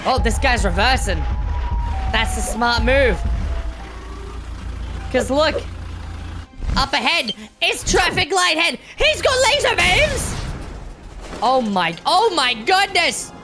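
A woman giving excited, slangy reaction commentary on an animated clip, exclaiming dramatically as events unfold. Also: high voice, takes it slowly, long pauses. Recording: music playing behind the voice.

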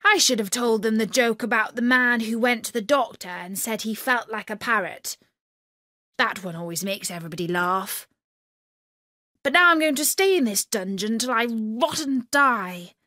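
A woman's voice: on the high side, expressive, moderate pace, bright, forceful tone, no room sound, studio quality. A woman voicing a silly young male jester who works as a secret agent, telling jokes in a chirpy, cheeky way in a storybook reading. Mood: worried.

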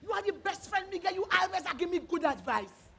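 A lovesick young village woman , played by a woman, with a very high voice and a Tobagonian Creole accent. She pleads and breaks into excited exclamations while she frets over a man in a folk stage play. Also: a little fast, heavily acted. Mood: eager.

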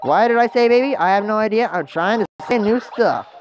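A woman's voice: mid-range voice, animated, a little fast. Chatty woman narrating her gameplay. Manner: chatty, rambling and self-mocking, talks to game characters. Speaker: gaming channel host. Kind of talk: casual let's-play commentary. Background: game music.

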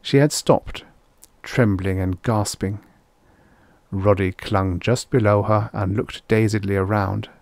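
A man narrating a vintage science fiction short story at a measured pace. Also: lowish voice, steady tone, vocal fry, darkish tone, no room sound. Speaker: audiobook narrator.

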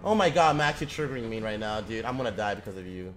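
A young man streaming a shooter game, swearing a lot and jumping from low mutters to loud shouts. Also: fast talker, heavy background noise. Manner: profane, excitable, swings from mutters to shouts. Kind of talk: gaming livestream commentary.

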